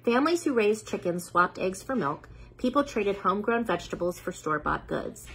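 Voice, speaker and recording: A woman reads a picture book aloud to children in a soft, breathy voice at an ordinary pitch for her. She keeps a steady storytime pace and stops now and then to sound out unfamiliar words carefully. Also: a little fast, low-quality recording. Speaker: children's read-aloud host.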